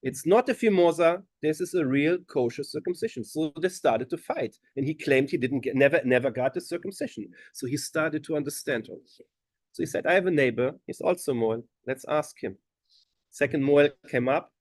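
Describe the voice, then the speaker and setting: Rabbi telling a lively story. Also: male voice, a little high, normal speed, dry recording. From Germany. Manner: animated storyteller acting out quoted voices. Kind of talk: storytelling at a gathering. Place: gathering hall.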